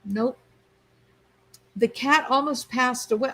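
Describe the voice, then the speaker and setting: A woman's voice: mid-range voice, lively intonation, slow pace, fairly bright tone, low-quality recording. A woman hosting a livestream, chatting casually and reading viewer comments aloud. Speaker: livestream host reading chat. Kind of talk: casual chat.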